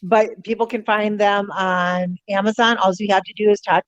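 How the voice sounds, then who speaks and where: A woman guest, an author and researcher, talking in a relaxed way with frequent pauses and fillers. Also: medium pitch, no echo. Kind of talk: casual interview chat. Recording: dull lo-fi sound.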